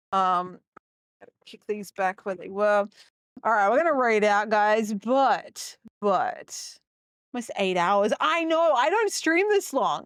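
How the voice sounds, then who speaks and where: A woman's voice: a little high, no room sound, studio quality. A young woman chatting casually with her viewers during a live gameplay stream, rambling and upbeat. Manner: chatty and rambling, talking to chat.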